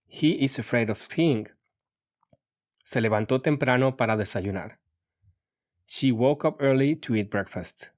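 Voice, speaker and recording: Slow, measured male lesson narrator. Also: medium pitch. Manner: slow, measured reading of paired phrases. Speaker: audiobook narrator. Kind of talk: reading a language lesson.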